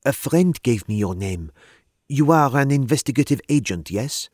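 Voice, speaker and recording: A man's voice: medium pitch, animated, moderate pace, darkish tone, dry recording, clean studio sound, voice pushed up, natural voice. A man reading a story aloud, voicing an anxious young French woman with a French accent.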